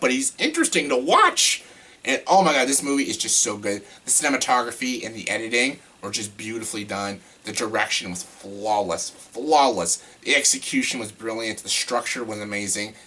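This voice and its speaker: A man casually ranking his favorite films in a vlog, gushing and excitable, with casual swearing. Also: medium pitch. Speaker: movie reviewer.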